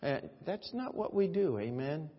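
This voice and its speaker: A man pastor preaching a sermon, swinging between loud emphatic lines and quiet asides, telling folksy stories. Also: on the high side, very animated, measured pace, slightly rough. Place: church sanctuary. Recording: echoey church hall, dull lo-fi audio.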